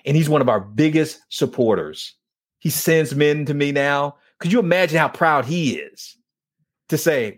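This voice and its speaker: A man's voice: fairly high pitch, lively intonation, moderate pace. A man hosting a faith talk show, telling an emotional personal testimony and acting out the dialogue in it. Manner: earnest storyteller acting out dialogue. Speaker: show host and men's ministry leader.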